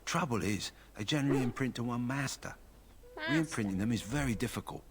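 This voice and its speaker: A man with a London accent voicing a calm, practical kennel master in a video game. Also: mid-range voice, fairly quick, natural voice. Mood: matter-of-fact. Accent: London English. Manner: steady, matter-of-fact.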